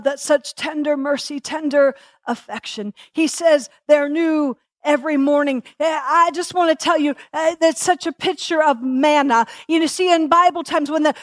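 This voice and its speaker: High-voiced woman preaching with passion. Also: no echo, clean studio sound. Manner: passionate, repeats phrases, asks the congregation questions. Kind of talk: sermon.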